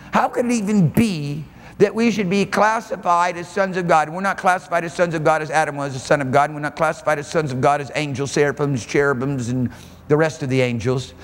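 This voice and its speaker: A man preaching a sermon at a church service, fervent and emphatic, stretching out key phrases. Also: on the high side. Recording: echoey church hall with faint noise.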